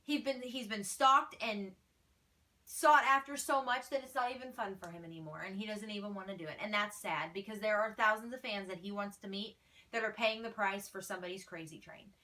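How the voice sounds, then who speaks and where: A woman's voice: mid-range voice, a little fast, bright, forceful tone, distant mic. A woman fan page admin answering fan questions in a casual vlog, blunt, feisty and exasperated.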